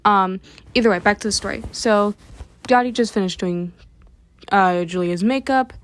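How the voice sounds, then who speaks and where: Woman host, mid-pitched, casual rambling recap of a comic plot, loose and chatty. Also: moderate pace. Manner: rambling storytelling that relays each character with "and she's like". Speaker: webcomic recap channel host.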